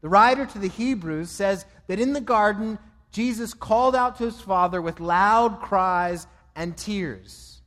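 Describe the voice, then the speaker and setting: Emphatic preacher with high voice. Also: male voice, measured pace, fairly bright tone, big-room sound. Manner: emphatic, repetitive cadence. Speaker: pastor. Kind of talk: sermon.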